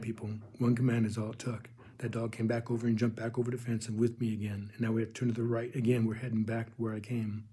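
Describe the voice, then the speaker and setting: The speaker, a religious video host, tells of his spiritual experience in an earnest, halting way marked by frequent restarts, addressing listeners plainly as "people." His medium-pitched voice sounds husky and somewhat breathy, with a dark, mellow tone.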